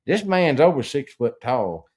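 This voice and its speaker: A man's voice: mid-range voice, big pitch swings, measured pace, darkish tone. A man telling a rambling, profane, folksy story in casual chat, with frequent stammered restarts. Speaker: podcast host.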